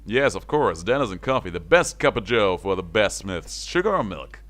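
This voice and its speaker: A man's voice: fairly low pitch, big pitch swings, normal speed, fairly bright tone. A man voicing a dotty, friendly old hermit who rambles cheerfully about coffee in a video game. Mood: doddering. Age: older. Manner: rambling, chatty.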